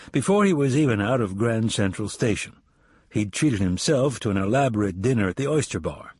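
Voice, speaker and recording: Male audiobook narrator, husky timbre, mid pitch, measured thriller read, dry. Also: a little mellow, dry recording. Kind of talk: scripted narration.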